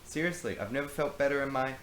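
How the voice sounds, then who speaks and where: A man voicing a bossy, over-dramatic young girl castaway in a high voice, in an echoey room with faint hiss. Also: fast talker, a bit bright, close to an everyday voice.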